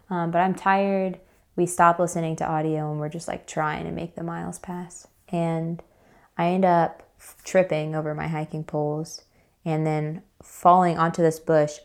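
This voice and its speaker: A woman's voice: deep voice, a little mellow. A woman as an interview guest, telling a story in a casual, chatty way with many fillers.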